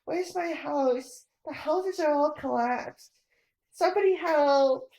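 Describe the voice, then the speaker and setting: A scrappy, stubborn young boy with a high voice, blunt and urgent, as a woman reading a storybook puts him on. He speaks very slowly, and the room rings around him. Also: darkish tone, echoey room, low-quality recording.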